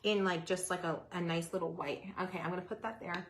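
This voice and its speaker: A woman hosting a live DIY craft stream, chatting with viewers, greeting them by name, and breaking into excited yelling. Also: on the low side, quick pace, a little hiss or hum.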